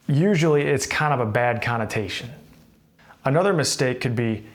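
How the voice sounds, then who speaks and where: Speaking at a moderate pace in a mid-range voice, an American man teaches workplace English to the camera. He explains things casually and acts out the example phrases.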